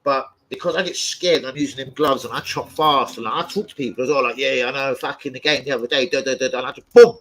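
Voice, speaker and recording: A man's voice: medium pitch, fast, hardly any pauses, low-quality recording. A young man, telling rowdy stories in casual chat, swearing often and breaking into yelps and laughs. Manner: swears a lot, loud animated storytelling with yelps and laughs. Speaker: host of a football fan channel.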